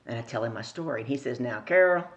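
A middle-aged woman telling lively stories as a sales coach on a podcast, asking her listeners questions along the way. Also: rumbling low, racing. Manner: animated storyteller who acts out voices and asks the listener questions. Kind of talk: storytelling in a podcast interview.

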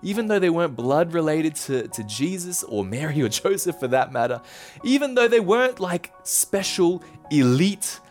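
Pastor guy preaching, kinda high voice that swings all over, casual and playful, soft music underneath. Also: normal speed. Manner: animated storytelling, casual and playful. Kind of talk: sermon.

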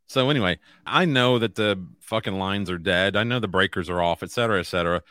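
Blunt, bright-voiced middle-aged male podcaster. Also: low-pitched, a little fast, clean tone, no echo. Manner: blunt and profane, plainspoken. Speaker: podcast host. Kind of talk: casual podcast chat. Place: home podcast room.

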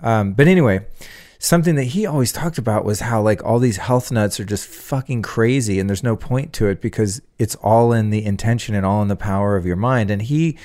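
Podcast host, male, lowish voice, loose profane storyteller. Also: a little fast, a little mellow. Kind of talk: casual podcast conversation.

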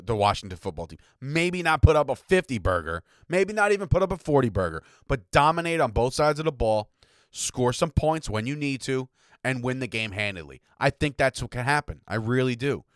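A fired-up sports fan hosts his podcast from a home attic room, arguing combatively and often ending lines with "right?" or "okay?" while fighting a slight cough. His voice is mid-range, and the recording is dry and studio quality.

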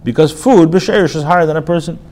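A rabbi giving a casual spoken class, reading phrases aloud and then explaining them in plain talk, with restarts and fillers. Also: male voice, fairly high pitch, fast talker, darkish tone, slight background noise. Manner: reads Hebrew phrases then paraphrases them in English; frequent restarts and filler, conversational. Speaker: rabbi teaching a text class.

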